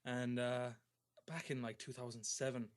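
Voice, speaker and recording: A man's voice: medium pitch, level tone, normal speed. A young man with an Irish accent, co-hosting a casual online radio talk show and joking and swearing his way through the chat. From Ireland.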